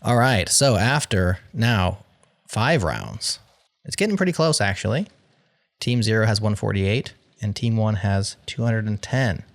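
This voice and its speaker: Low, gravelly man hosting a game show. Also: lively intonation, a little slow. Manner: playful, wry, reading out survey results.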